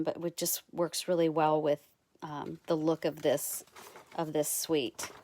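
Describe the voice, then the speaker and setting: A woman showing craft supplies in a casual vlog, gushing and halting with many ums. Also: on the low side, darkish tone. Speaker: craft vlogger. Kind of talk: casual product show-and-tell.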